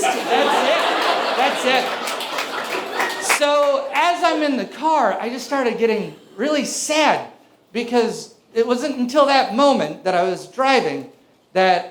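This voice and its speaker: A man in his thirties doing a stand-up comedy set, telling conversational, self-mocking stories on a club stage. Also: sits high. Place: club stage before a live audience. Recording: echoey venue with audience noise.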